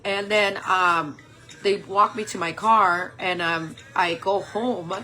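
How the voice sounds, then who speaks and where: A woman's voice: fairly low pitch, fairly even intonation, takes it slowly, bright, forceful tone. A woman in her forties telling a personal story in a candid, rambling way, full of "like" and "um". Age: 40s. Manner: rambling, candid, heavy use of "like" and "um". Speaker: makeup vlogger.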